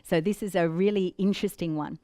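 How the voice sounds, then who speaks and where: A woman presenting a business training talk to an audience. She talks in a lively, demonstrative way and breaks into playful giggly impressions to make her points. Her voice sounds dry and close, with no room echo around it. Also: fairly low pitch, a little fast. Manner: demonstrative, acts out examples with giggles.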